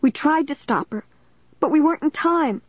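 A reader voicing a teenage girl who fakes grief, wailing and sobbing in a high voice. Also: lively intonation, moderate pace, no echo, highs cut off.

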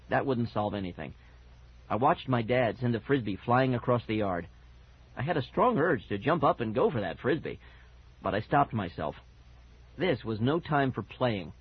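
Husky-voiced man narrating a kids' story. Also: medium pitch, moderate pace, dry recording. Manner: lively, animated storytelling. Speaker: audiobook narrator. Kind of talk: expressive first-person storybook narration. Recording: dull lo-fi audiobook recording.

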